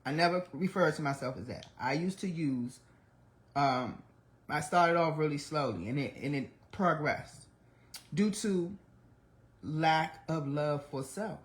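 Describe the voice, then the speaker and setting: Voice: mid-range voice, a little slow. Candid profane forties livestream host. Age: 40s. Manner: candid, blunt and heavily profane; emotional, speaks of trying not to cry. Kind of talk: confessional livestream monologue.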